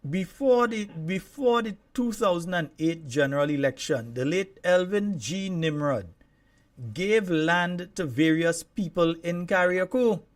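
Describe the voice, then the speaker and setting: A man with a Grenadian accent hosting a call-in radio show, telling stories with lively, easy laughter. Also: high-pitched, unhurried. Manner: lively storyteller, laughs easily.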